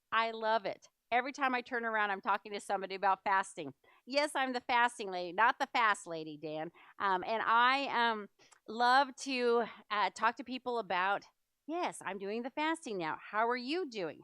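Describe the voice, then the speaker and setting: A woman's voice: a little high, a bit bright, smooth, no echo. A middle-aged woman presenting a church health seminar, chatty and enthusiastic, with many fillers. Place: church hall.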